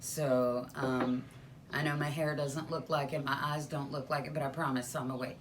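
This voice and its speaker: Middle-aged woman co-host, low-pitched and hushed, chatty and playful in a home studio. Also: fairly even intonation, normal speed, a little hiss or hum. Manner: chatty and playful, rambling with fillers; speaking softly, hushed. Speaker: pastor and co-host. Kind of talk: casual live-stream chat. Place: spare room turned home studio.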